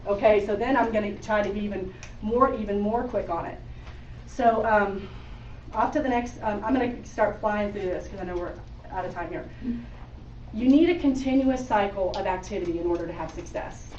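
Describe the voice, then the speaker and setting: A woman's voice: medium pitch, normal speed, darkish tone, a little hiss or hum. A woman from Oregon giving a motivational sales talk to a group, chatty and laughing, speaking to the audience directly. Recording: echoey room, distant mic, dull sound.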